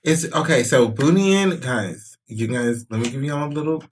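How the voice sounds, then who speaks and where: Podcast host from Houston, lively swooping pitch, emphatic, quick to laugh. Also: a little hiss or hum. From Houston, Texas. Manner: animated, laughs often, emphatic. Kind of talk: casual chat.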